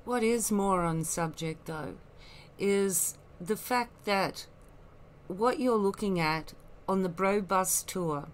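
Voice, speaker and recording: Slow, scornful woman. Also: medium pitch, slight background noise. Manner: slow, rambling and scornful, with many asides. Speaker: online commentator. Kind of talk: critical commentary.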